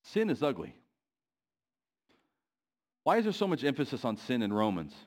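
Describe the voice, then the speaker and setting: A man delivering a sermon in a church, often pausing to put questions to the congregation. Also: mid-range voice, huge pitch swings. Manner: asks the congregation questions, pacing varies. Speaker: preacher.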